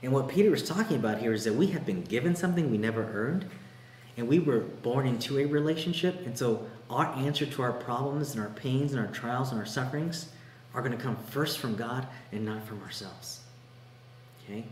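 A man delivers a sermon in an earnest, conversational way, repeating his key points. His voice sits at an ordinary middle pitch. The room is echoey, with a faint hum underneath. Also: lively intonation, a little fast, darkish tone. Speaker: pastor.

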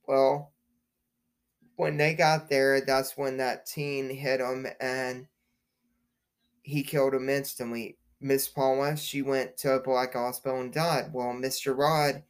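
Slow, rambling man. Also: medium pitch, clean tone. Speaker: podcast host. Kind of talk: casual monologue podcast.

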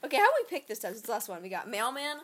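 Woman co-host, high voice, joking deadpan delivery, faint hiss behind. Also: racing. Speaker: podcast co-host. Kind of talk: playful comedic chat.

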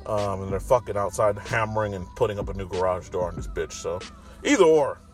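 A man's voice: on the low side, fairly quick. Casting: man, casual commentary vlogger, swears freely, rambles, recorded in a parked car, faint music behind. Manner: profane, rambling. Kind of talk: casual monologue. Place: parking garage with construction nearby.

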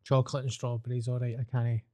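A man's voice: medium pitch, flat delivery, fast talker, mellow. A man co-hosting a podcast, a comedian chatting casually, teasing his co-host with jokey questions.

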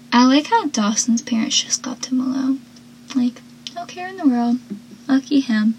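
A woman's voice: high voice, animated, moderate pace, darkish tone, breathy edge, rough recording. A woman giving a casual, chatty recap of a TV episode, drifting into personal asides. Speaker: show recapper.

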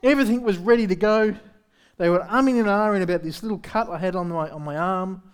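Male pastor with a high voice, preaching conversationally, blunt and self-deprecating, keeps asking the room "right?". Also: fast talker, clean tone. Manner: candid, self-deprecating humor. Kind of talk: sermon. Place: church service.

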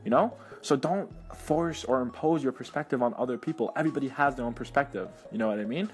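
Fast-talking, upbeat motivational man. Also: medium pitch, soft background music. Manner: energetic, keeps checking in with "right?" and "you know what I mean?". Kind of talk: motivational storytelling.

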